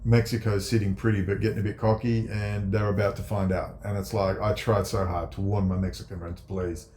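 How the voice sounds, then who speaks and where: A man's voice: flat delivery, a little fast, darkish tone, slight background noise. Sarcastic, profane ranting man. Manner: sarcastic, profane, swings from low mutters to high mocking outbursts. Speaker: commentator. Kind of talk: ranting political commentary. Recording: echoey room.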